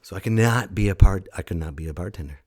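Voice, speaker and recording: A man in his thirties hosting his own podcast, talking loudly and casually in a rambling, jokey way with sudden shouted bits. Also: low-pitched, fast. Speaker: podcast host. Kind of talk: casual solo podcast monologue.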